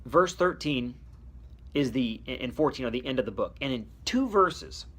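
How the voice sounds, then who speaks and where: Animated male preacher explaining scripture. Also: mid-range voice, moderate pace, husky. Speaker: pastor. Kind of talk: devotional sermon on scripture.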